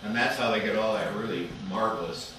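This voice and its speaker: A man's voice: lowish voice, fairly even intonation, a little fast. Man teaching music in an echoey room. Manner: explains step by step, then chants rhythm syllables. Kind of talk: classroom music lesson. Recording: echoey classroom, far from the mic, loud noise.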